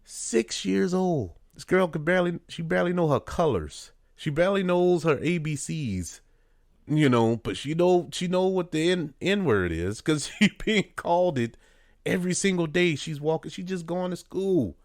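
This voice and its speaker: A man's voice: a little high, animated, moderate pace, no room sound. Earnest New man, dry studio. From New Orleans. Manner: conversational, many fillers, earnest. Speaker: radio host. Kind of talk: casual spoken commentary.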